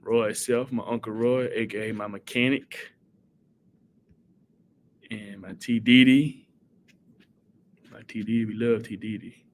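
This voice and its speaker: A man hosting a casual live stream, reading viewer comments aloud and giving shout-outs in an animated way. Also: fairly low pitch, measured pace, long pauses, a little hiss or hum.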